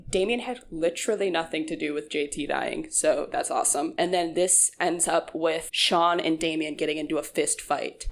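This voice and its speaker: A woman's voice: low-pitched, normal speed, vocal fry, few pauses. Sarcastic young woman recapping a show. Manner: sarcastic, joking, chatty. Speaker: YouTube commentator. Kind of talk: casual recap commentary.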